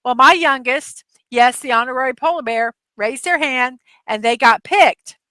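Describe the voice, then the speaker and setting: Chatty woman with a bright, forceful voice. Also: high-pitched, normal speed, no room sound. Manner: rambling storyteller, many fillers and laughs. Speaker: livestream host. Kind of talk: casual livestream chat.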